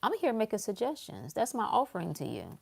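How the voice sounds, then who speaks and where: A woman's voice: mid-range voice, huge pitch swings, brisk, creaky, slightly rough. A woman hosting a casual motivational livestream, talking emphatically to her viewers and repeating phrases to drive her points home. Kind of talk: casual motivational talk to a live audience.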